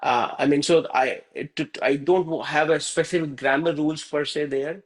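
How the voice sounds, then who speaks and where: A man's voice: on the high side, steady tone, normal speed, poor audio. Patient male teacher. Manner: patient, checks in often with "right?" and "okay?". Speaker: Hindi teacher. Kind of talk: live online class.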